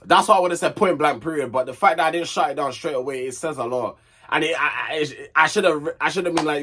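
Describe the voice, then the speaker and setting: A man's voice: a little high, brisk, bright, forceful tone. A young man telling a personal story in a chatty, digressive, slang-filled way. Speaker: vlogger. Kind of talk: casual storytime chat.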